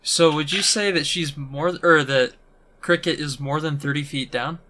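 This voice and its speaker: A man playing a tabletop game, reacting excitably to the dice. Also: a little high, moderate pace, very noisy. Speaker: player. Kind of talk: casual tabletop play.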